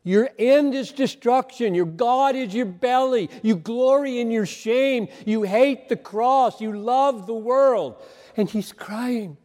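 High-voiced older male preacher, reverberant. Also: darkish tone. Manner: earnest, emphatic, with halting repetitions. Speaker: pastor. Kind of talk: sermon. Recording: long hall reverb.

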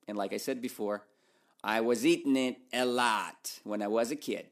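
A man's voice: medium pitch, moderate pace. A man teaching through a story, asking his listeners questions and answering them himself in a playful way.

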